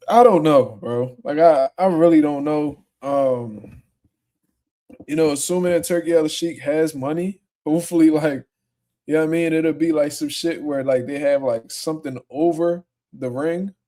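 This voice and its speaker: A man's voice: fairly high pitch, mellow. A young man hosting a casual livestream, reading viewer comments and answering them in a profane, laid-back way that turns heated. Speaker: livestream host.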